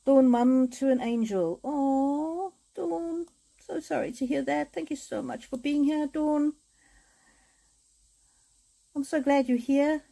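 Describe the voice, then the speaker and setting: A woman chatting with viewers on a live stream as an oracle card reader, speaking in gentle, repetitive affirmations with frequent hesitations. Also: high-pitched, takes it slowly, vocal fry, pauses often, poor audio.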